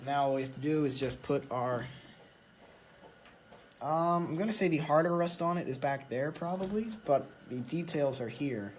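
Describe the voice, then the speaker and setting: A man's voice: a little high, normal speed, slight background noise. A young man hosting a casual workshop vlog in his shed, easygoing and thinking aloud with fillers. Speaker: channel host.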